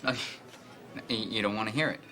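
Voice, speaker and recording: A man's voice: on the low side, fairly quick, music in the background, natural voice. An actor playing an awkward young male boss who hesitates and stammers earnestly, in a sitcom. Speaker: news director boss. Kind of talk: sitcom acting.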